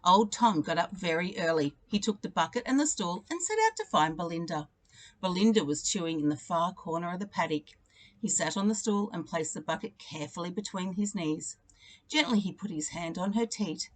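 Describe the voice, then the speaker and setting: A teacher reading a children's picture book aloud, telling the story expressively and leaning into its repeated refrains. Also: female voice, fairly low pitch, lively intonation, a little fast.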